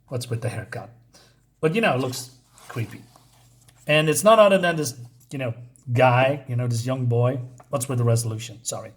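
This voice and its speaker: A man's voice: medium pitch, lively intonation, normal speed, pauses often. A man giving a casual comic book review, summarizing the story in rambling talk full of fillers.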